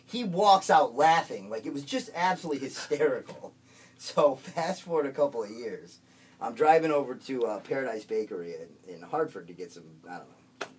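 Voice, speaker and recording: A man's voice: mid-range voice, recorded from a distance, slight background noise. A man casually telling a funny story, rambling with fillers and swearing. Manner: rambling, full of fillers and cursing.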